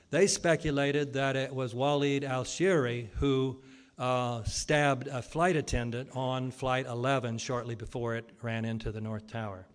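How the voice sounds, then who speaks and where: Using a mid-range voice, a male speaker lectures publicly and argumentatively, leaning on rhetorical questions and pausing frequently with ums and uhs.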